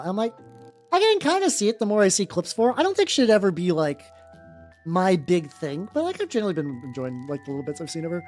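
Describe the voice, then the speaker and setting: A man with a naturally high voice chatting casually on a livestream while painting miniatures, rambling and swearing freely. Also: big pitch swings, quick pace, darkish tone, soft background music. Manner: rambling, many fillers and restarts, swears freely.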